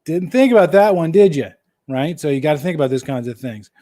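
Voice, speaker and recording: A man's voice: a little high, lively intonation, brisk, dark tone. Upbeat, jokey man hosting a live Q&A. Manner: jokey and folksy, repeats key phrases for emphasis. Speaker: host answering viewer questions. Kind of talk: casual live-stream Q&A.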